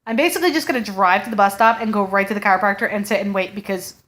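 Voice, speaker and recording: A woman's voice: medium pitch, very fast, a bit bright. A woman in her thirties, a mother chatting casually to camera and telling a story with frequent laughter. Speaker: mother vlogger. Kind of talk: casual chat.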